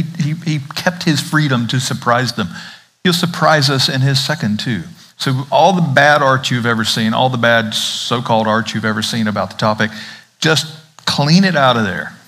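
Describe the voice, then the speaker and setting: A man's voice: mid-range voice, moderate pace, a bit bright. A man from the American South with a Southern accent, a pastor preaching an Advent sermon in a conversational way, asking the congregation questions.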